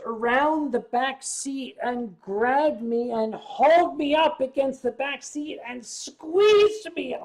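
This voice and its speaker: Slow-talking older man telling stories. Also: very high-pitched, slight background noise. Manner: rambling, unhurried anecdotes with asides to viewers. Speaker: vlog host. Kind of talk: casual storytelling.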